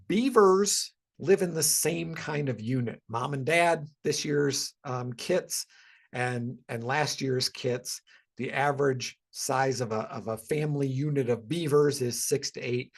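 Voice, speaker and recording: A man giving a casual educational webinar talk about wildlife, conversational and full of ums and restarts. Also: medium pitch.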